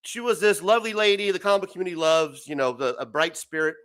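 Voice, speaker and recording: A man's voice: on the high side, lively intonation, fast, a bit bright. A man hosting a live stream and ranting heatedly, swearing a lot and laughing often. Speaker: host.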